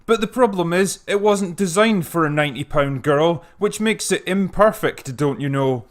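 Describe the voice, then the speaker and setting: A man's voice: fairly high pitch, moderate pace. A man delivering scripted narration in a dry, sarcastic manner.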